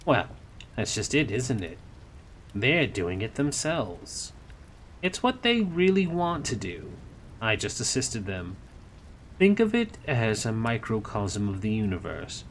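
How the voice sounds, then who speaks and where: A man's voice: fairly low pitch, sing-song, takes it slowly, a little hiss or hum, exaggerated voice. A man voicing a sly, cynical male demon who talks in a snappy, sarcastic way. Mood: flippant.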